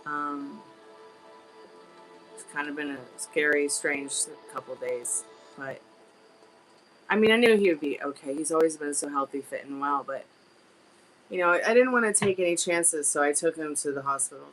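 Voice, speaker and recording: Chatty woman with a low, bright voice. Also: lively intonation, normal speed, long pauses, faint music behind, rough recording. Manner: chatty, rambling, with filler words. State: on a crutch. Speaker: live tarot reader and stream host. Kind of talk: casual livestream storytelling.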